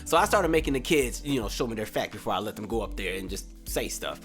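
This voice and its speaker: A man's voice: on the low side, quick pace, soft background music. A man in his twenties, a podcast host telling a story casually, acting out the people in it with a raised voice. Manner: animated, acts out quotes with raised voice.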